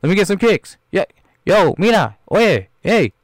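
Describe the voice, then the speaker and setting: A man voicing a pushy, excited guy insisting it is his turn. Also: high-pitched, normal speed, no echo, studio quality, voice pushed up.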